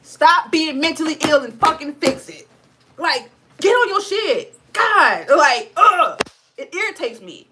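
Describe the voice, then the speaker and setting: A woman's voice: big pitch swings, a little slow, noisy background. A woman vlogger talking about spirituality with a Black dialect. She speaks bluntly, swears a lot, and keeps close to tears. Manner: mocks others in high sarcastic voice. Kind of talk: impassioned casual monologue.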